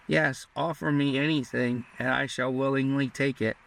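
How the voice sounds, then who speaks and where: A man's voice: mid-range voice, fairly even intonation, normal speed, gravelly, a bit bright. A man reading the part of a dazed, curious young lieutenant who speaks politely and with bewilderment. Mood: puzzled. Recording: distant mic.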